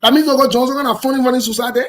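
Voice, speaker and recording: A man's voice: very high-pitched, steady tone, racing, fairly bright tone. A man giving heated, blunt political commentary, repeating his points emphatically.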